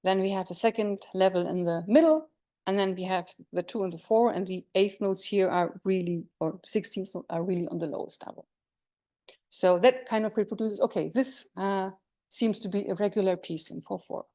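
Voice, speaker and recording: A woman presents research at an academic conference, explaining in a steady middle-pitched voice. She pauses on fillers and fixes her slips mid-word. Now and then she turns to the audience with a question. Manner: explanatory, with frequent fillers and self-corrections. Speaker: lecturer.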